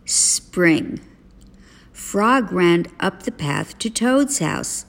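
Slow, expressive woman reading a storybook. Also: fairly low pitch, gravelly. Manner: slow, gentle, expressive narration. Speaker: parent reading to children. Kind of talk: storybook read-aloud.

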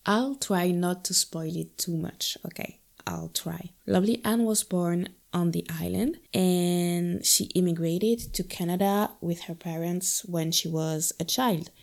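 Reflective woman, lowish voice. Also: steady tone, a little slow, vocal fry, hardly any pauses, darkish tone. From Guadeloupe. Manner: reflective, conversational, with playful asides. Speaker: film discussion host. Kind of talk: casual talk about a film.

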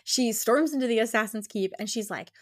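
A young woman co-hosting a casual book podcast, retelling scenes with lively character voices. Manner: animated, acts out characters in quick high voices. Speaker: podcast co-host.

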